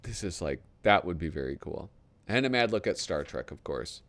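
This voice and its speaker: A man commenting casually as he flips through a magazine. His voice sits low but moves up and down a lot. He swears now and then and drifts into mumbled asides. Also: animated, moderate pace, fairly bright tone. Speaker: host.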